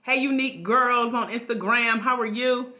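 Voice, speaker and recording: A woman hosting a casual livestream from home, hoarse with a cracking voice, chatting and greeting viewers by name through a tablet mic. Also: on the high side, fairly even intonation, moderate pace, bright, forceful tone. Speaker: life coach trainer hosting a livestream. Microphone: tablet microphone. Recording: grainy lo-fi livestream audio.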